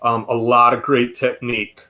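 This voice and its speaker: A man hosting an interview, asking questions and reading viewer questions in a halting way with many ums. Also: mid-range voice, monotone, bright, forceful tone. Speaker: interview host.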